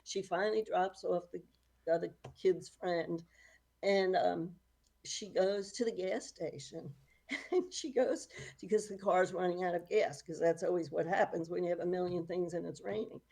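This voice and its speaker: A middle-aged woman author recounts stories in a relaxed interview. Her voice is dark and mellow, with a gravelly fry and a husky edge, and she breaks into frequent laughter. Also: fairly low pitch, normal speed. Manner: lively storyteller, laughs often. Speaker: author, guest. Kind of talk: casual storytelling interview.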